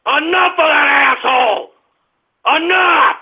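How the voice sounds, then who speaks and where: A man hosts a call-in radio comedy show in a squeaky, cartoonish voice with a husky edge. He rants, shouts and insults his callers. The sound is thin and tinny, as if over a phone line. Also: expressive, normal speed. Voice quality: cartoonishly high and strained.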